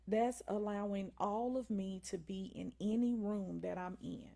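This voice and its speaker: Woman, Southern drawl, raspy fry, warm dark tone, preachy livestream talk, keeps checking in with viewers. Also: medium pitch. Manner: preachy, repeats "right?" and "y'all". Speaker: livestream host. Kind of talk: faith-based motivational livestream talk.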